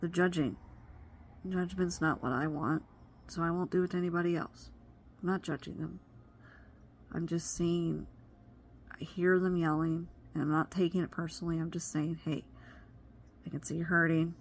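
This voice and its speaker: A woman's voice: lowish voice, fairly even intonation, normal speed, long pauses, a little hiss or hum. A woman vlogging in an earnest, reflective way, giving advice and sometimes losing her train of thought mid-sentence. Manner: wandering, loses train of thought. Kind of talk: personal vlog monologue.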